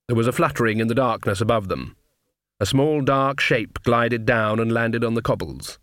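A man's voice: medium pitch, normal speed, fairly bright tone, no echo. A man narrating an audiobook with a dry, wry storytelling manner.

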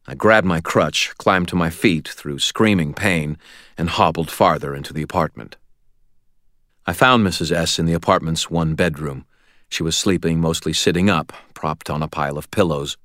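A man narrating an audiobook in a wry, expressive storytelling manner. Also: very deep voice, moderate pace, no echo, clean studio sound.

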